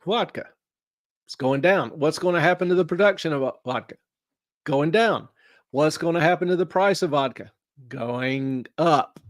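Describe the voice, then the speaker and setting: A man with a slightly high voice hosts a money show, recorded at studio quality with no echo. As an investment adviser, he explains investing folksily in a studio chat, posing questions and answering them himself.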